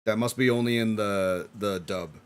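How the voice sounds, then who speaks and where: A man streaming a live watch-along, reacting excitedly with frequent laughs and casual swearing. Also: on the low side, normal speed, smooth.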